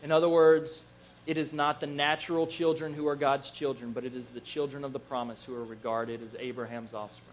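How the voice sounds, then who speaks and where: A man preaching a Bible lesson, telling the stories in a lively, animated way and acting out the figures he quotes. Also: mid-range voice, brisk. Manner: animated storyteller, acts out quoted voices, chuckles. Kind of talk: Bible teaching sermon.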